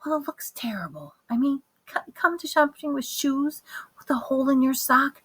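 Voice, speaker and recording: A fussy, easily embarrassed mother, as a woman reading a children's book puts her on. She coaxes and frets, and her worried scolding drops to a hush. The storybook voice stays close to the reader's own. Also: sits high, sing-song, measured pace, voice pushed up, exaggerated voice. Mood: whispered fretting.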